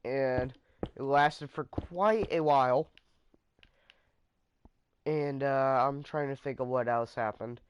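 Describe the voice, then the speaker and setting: A man's voice: medium pitch, slow pace, pauses often, smooth. A man casually telling a story about his friends in a rambling vlog, trailing off with fillers.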